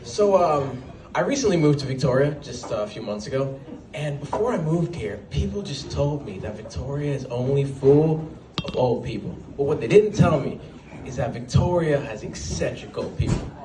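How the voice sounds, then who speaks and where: A man performing a stand-up comedy set at an open mic, telling stories with quick asides. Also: medium pitch, background noise. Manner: animated storytelling with quick asides and put-on voices. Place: small venue at an open mic night. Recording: roomy sound, voice from a distance, faint background.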